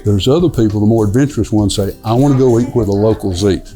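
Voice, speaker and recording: A middle-aged man, a restaurant owner telling stories in a relaxed, rambling way with lots of fillers, inside a dim restaurant. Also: on the low side, fast talker, soft background music. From Newport, Tennessee. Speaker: restaurant owner, son of the founder. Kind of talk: casual storytelling interview.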